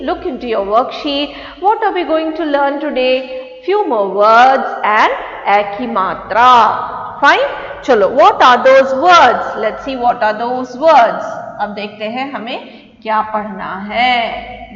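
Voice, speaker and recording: Woman with a Malayalam accent, high voice, patient children's teacher. Dull, muffled sound in a reverberant room. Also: a bit bright. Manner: patient, repeats words for children to echo. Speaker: Hindi teacher. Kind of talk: online lesson for young children. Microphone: online class recording.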